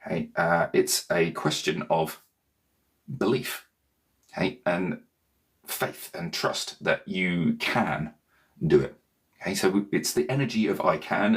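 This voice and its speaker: Deep-voiced man, rambling. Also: measured pace, a bit bright. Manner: loose, digressive, keeps checking in with "okay?". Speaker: meditation teacher and author. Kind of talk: casual rambling talk to viewers.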